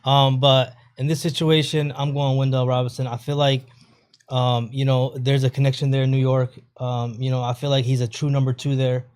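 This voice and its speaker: Male co-host, mid-pitched, hesitant and halting delivery, casual sports talk. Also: flat delivery, darkish tone, smooth. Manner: hesitant, many fillers and restarts. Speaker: podcast co-host.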